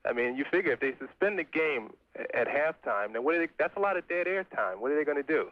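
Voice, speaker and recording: A man's voice: fairly high pitch, expressive, fast, no room sound. A man calling in to a sports radio show, talking in a casual, rambling way. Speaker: caller. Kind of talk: call-in radio chat. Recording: dry lo-fi radio call.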